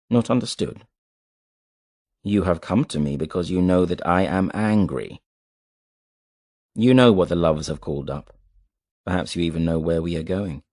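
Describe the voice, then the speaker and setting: A man voicing a cold, measured man of war, speaking slowly and with quiet menace in an audiobook reading. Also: deep voice, no room sound, studio quality, full character voice.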